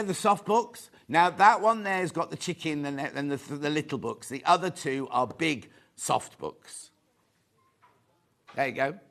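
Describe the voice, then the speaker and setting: A man's voice: on the high side, a bit bright. A man presenting a live sewing shopping show, chatty and reading out viewer comments. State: out of breath. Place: TV studio.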